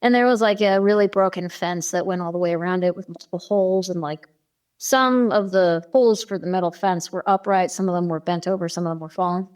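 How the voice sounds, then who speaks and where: A woman who is a podcast guest, telling a personal story in an animated way with many fillers. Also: lowish voice, a little fast. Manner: animated, many fillers, acts out quoted dialogue.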